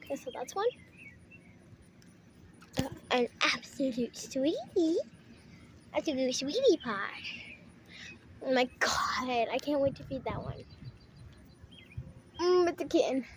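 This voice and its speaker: A woman, filming a casual vlog outdoors on her phone and chatting excitedly while coaxing stray cats. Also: high-pitched, takes it slowly, pauses often. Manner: excited, chatty, coaxing animals in a sing-song voice. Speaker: vlogger. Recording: noisy outdoor phone recording.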